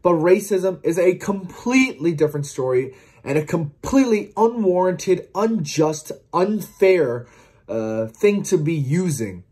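A man's voice: sits high, expressive, unhurried, darkish tone, husky. A man giving a heartfelt, earnest post-match reflection to camera as a football vlogger, often stumbling and repeating words. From outside England, watching from across the Atlantic.

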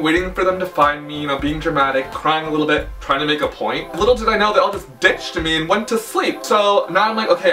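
A man's voice: fairly high pitch, sharp tone, distant mic. A young man telling a dramatic storytime in a chatty way, full of filler words. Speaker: vlogger. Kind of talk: casual storytime.

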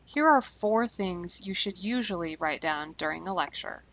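Woman teaching slowly and clearly. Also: on the low side, lively intonation, fairly bright tone, low-quality recording. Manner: clear and deliberate, slowing down on key terms. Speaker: language teacher. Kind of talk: scripted instructional narration.

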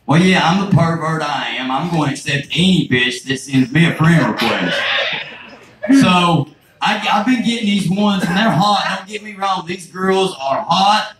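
Brash stand-up comic with a rural Southern accent, crude and self-mocking, voice a bit high, recorded from afar in a reverberant room. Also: male voice, animated, moderate pace, fairly bright tone. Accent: rural Southern American. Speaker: stand-up comedian. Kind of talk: stand-up set. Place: comedy club stage. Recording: echoey, noisy room from far off.

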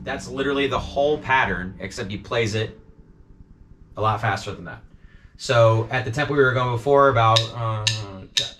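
A man's voice: medium pitch, normal speed, over loud music. A man teaching a drum part in a casual walkthrough, counting beats aloud and often checking in with "okay?". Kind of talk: instructional walkthrough.

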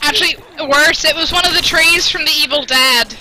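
A woman's voice: sits high, moderate pace, pushed and bright, slight background noise. A woman gamer joking playfully with friends, with a picked-up American-sounding accent. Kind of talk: casual gameplay chat.

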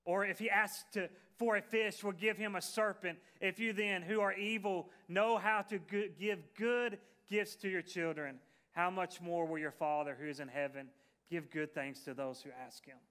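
A man's voice: high voice, fairly even intonation, moderate pace, pushed and bright. A male pastor preaching a sermon in a conversational, folksy way, with fillers and restarts.

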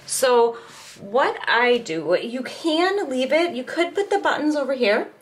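A woman's voice: high voice, measured pace. A middle-aged woman hosting a crochet tutorial, talking casually and step by step while she works with her hands at home. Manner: chatty and relaxed, talks while working with her hands. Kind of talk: casual step-by-step craft demonstration.

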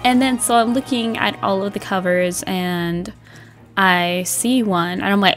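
A young woman vlogger chatting casually about a game, bubbly and animated, laughing often and acting out her old reactions. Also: medium pitch, moderate pace, soft background music. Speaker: gaming vlogger. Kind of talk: casual chat.

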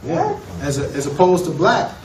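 A man's voice: on the high side, huge pitch swings, moderate pace, a loud crowd. A man teaching a law class, lecturing emphatically and putting questions to the students. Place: college classroom. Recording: echoey room from far off, noisy.

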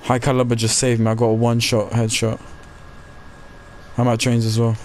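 Young British male gamer, excitable team coach, fuzzy noisy chat mic. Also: medium pitch, normal speed. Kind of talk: casual gaming chat.

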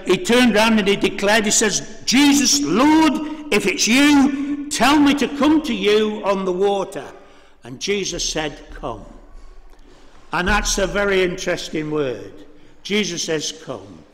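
A man preaching a sermon in a church, measured and full of rhetorical questions. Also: high voice, fairly bright tone. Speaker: priest. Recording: reverberant church hall.

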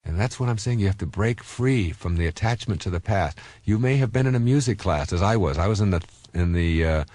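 A deep-voiced man in his fifties gives a self-help lecture and leans on personal anecdotes. He speaks in an animated, swooping way, stumbling through fillers and restarts. The recording is dry and close, with no room sound. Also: fairly quick, no room sound.

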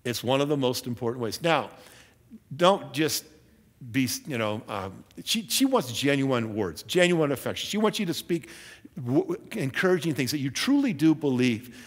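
A man's voice: medium pitch, sing-song, normal speed, in a large hall. A man giving a sermon as pastor, emphatic and earnest, with self-deprecating asides. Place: church.

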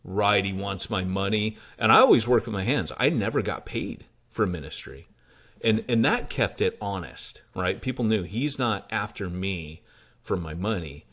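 A man's voice: on the low side, moderate pace. An American man, a pastor, telling stories in a casual interview and acting out the dialogue he quotes. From United States. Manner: animated, acts out quoted dialogue. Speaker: pastor and church planter. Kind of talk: conversational interview storytelling.

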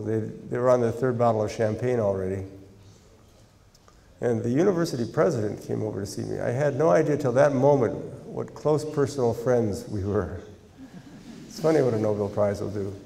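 An older American man giving a university lecture, measured and deliberate, with dry humor when he tells stories. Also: medium pitch, creaky, dark tone. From United States. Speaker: guest lecturer, scientist. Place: large university lecture hall. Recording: reverberant lecture hall.

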